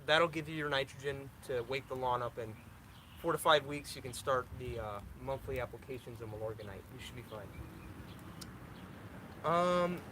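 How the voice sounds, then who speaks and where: A man's voice: mid-range voice, normal speed, background noise. A young man hosting a casual live stream, answering viewer questions in a loose, rambling way with lots of restarts.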